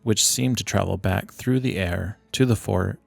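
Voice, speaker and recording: A man narrating a classic short story as an audiobook, reading in a steady, measured way. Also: creaky, no echo. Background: low ambient music.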